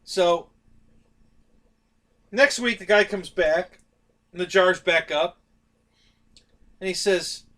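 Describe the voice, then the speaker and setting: A man's voice: high-pitched, slow, pauses often, bright, forceful tone. A man hosting a casual live stream, telling jokes in a loose, rambling way and chuckling at his own punchlines. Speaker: show host.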